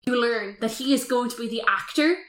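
A woman's voice: fairly high pitch, brisk. A woman co-hosting a podcast, chatting casually and rambling about films, swearing now and then. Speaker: podcast co-host. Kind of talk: casual film review chat. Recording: roomy echoey room.

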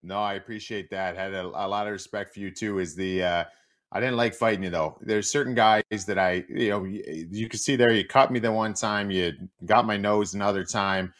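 A middle-aged man, a former hockey player and guest, telling stories in casual chat and acting out quotes with big jumps in pitch. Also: fairly even intonation, moderate pace, a bit bright.

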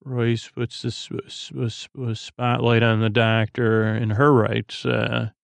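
A man hosting a podcast, recapping an episode in a halting, meandering way with many fillers and restarts. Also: mid-range voice, completely flat delivery, vocal fry, no echo. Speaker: podcast host. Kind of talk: rambling bedtime episode recap.

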